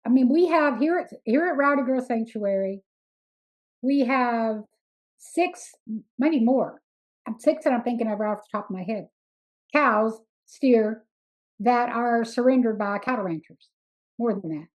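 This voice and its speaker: A woman's voice: fairly high pitch, measured pace, rough recording. A middle-aged woman, telling folksy stories in a chatty, emphatic way as an interview guest. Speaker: sanctuary founder, interview guest. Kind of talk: casual storytelling interview.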